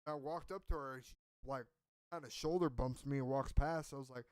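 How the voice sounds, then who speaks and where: A man's voice: medium pitch, fairly quick, no room sound. A man telling a story on a podcast in a rambling, profane, self-mocking way. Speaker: podcast co-host. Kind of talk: casual storytelling.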